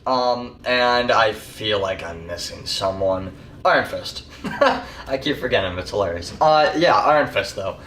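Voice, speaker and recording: A man's voice: on the low side, lively intonation, unhurried, a bit bright, a little hiss or hum. Man, casual review chat, rambling with lots of fillers, roomy echo, sits back from the mic. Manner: rambling and chatty, full of "like" and "um". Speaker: TV show reviewer. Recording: echoey room, mic far off.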